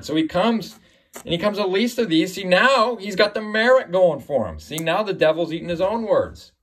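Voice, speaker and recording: Emphatic man teaching scripture, higher-pitched voice. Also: slightly rough. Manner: emphatic, repeats "right?" often. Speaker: Bible teacher. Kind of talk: informal religious teaching.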